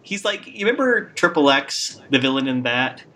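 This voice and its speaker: A man's voice: medium pitch, very animated, normal speed, sharp tone. A man hosting a casual podcast chat, laughing often and joking with his co-hosts. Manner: laughs often, loose and jokey. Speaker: podcast host.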